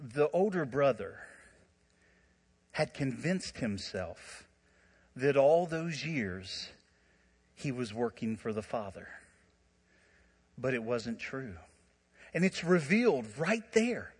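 A man preaching a sermon, telling stories in an animated way with frequent laughter and asides. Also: mid-range voice, takes it slowly, pauses often, breathy edge, in a large hall. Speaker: pastor.

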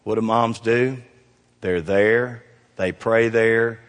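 A middle-aged man preaching a folksy sermon, swinging from loud emphasis down to hushed, quiet lines. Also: on the low side, fairly even intonation, takes it slowly. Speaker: pastor. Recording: reverberant hall.

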